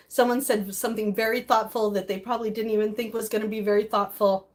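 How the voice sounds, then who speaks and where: A middle-aged woman live streaming in casual chat, reading and reacting to viewer comments, emotional and quick to laugh. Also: mid-range voice, little pitch movement.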